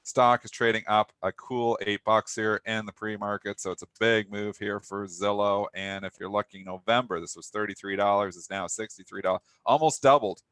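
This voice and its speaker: Male co-host, lowish voice, sarcastic and opinionated, close dry mic. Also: steady tone, normal speed, few pauses, fairly bright tone, no room sound. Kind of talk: live trading talk show banter.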